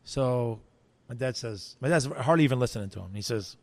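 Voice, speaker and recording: A man from the United States, a guest in an interview, tells a story briskly in a mid-range, slightly mellow voice with no echo. He acts out quoted voices and frequently restarts his sentences.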